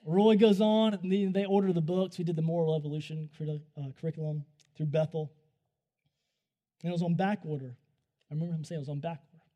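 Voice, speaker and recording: A man delivers a storytelling sermon, his voice sitting high yet warm and soft-edged. He swings between hushed asides and loud bursts. He speaks straight to the people listening. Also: fairly even intonation, fast, lo-fi sound. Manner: talks to the audience directly. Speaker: preacher sharing a testimony.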